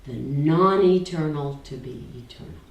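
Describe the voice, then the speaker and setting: Slow, low-voiced woman teacher, distant and roomy. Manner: slow, deliberate, drops to near-whispers on key words. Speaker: spiritual teacher. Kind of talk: spoken talk to a small group. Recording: roomy, distant from the mic, faint background noise.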